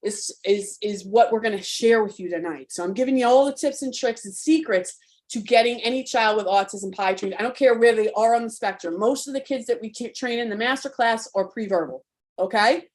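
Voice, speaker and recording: Frank, spirited woman coach, slightly high voice. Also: brisk, a little mellow. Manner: frank, spirited, curses freely; conversational, rallying. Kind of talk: live online coaching talk.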